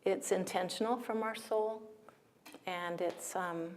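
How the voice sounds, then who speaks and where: An American woman speaks to an audience about spiritual healing in a gentle, unhurried way. Her voice sits at an ordinary middle pitch. She laughs often and at times lets her voice fall to a near whisper. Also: fairly even intonation, slight background noise.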